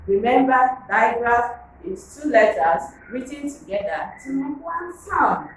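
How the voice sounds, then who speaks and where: Slow, echoey woman teaching phonics. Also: a little high, animated, a little hiss or hum. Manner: slow, drilling, repeats words and asks to pronounce. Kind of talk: classroom phonics lesson. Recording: echoey room, voice from far off.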